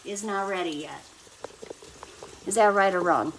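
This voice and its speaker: A woman's voice: medium pitch, unhurried, recorded from a distance. A woman hosting a casual cooking livestream from her home kitchen, chatting straight to her viewers as she cooks. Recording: noisy home recording with clicks.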